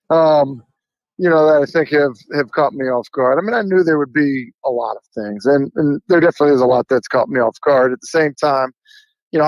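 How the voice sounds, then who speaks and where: A middle-aged coach talks on a sports radio show in a plain, mid-pitched voice. He is earnest and thinks aloud as he goes. The sound is dry and close. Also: no echo, low-quality recording. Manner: earnest, many fillers and restarts. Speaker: high school football coach, guest. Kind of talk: radio interview.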